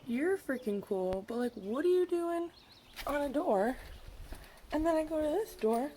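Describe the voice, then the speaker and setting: A woman's voice: high voice, lively intonation, measured pace, warm tone, a little hiss or hum. A woman working as a land steward, chattering and cooing at animals she meets outdoors on the trail. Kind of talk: casual walking vlog.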